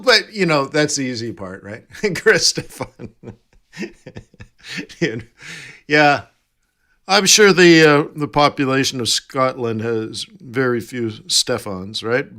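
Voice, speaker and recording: A man's voice: mid-range voice, very animated, slow, bright, forceful tone. A man hosting a live trading stream, chatting casually and jokily with viewers while reading their comments. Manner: chatty, jokey, reads out chat and answers viewers.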